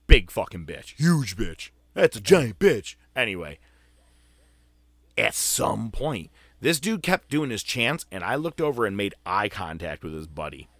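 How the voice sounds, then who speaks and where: A man hosting a wrestling podcast, telling a profane, animated story and acting out what people said. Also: on the low side, a little slow, dry recording. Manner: profane, animated, acts out quotes. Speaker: podcast host. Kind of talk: casual storytelling chat.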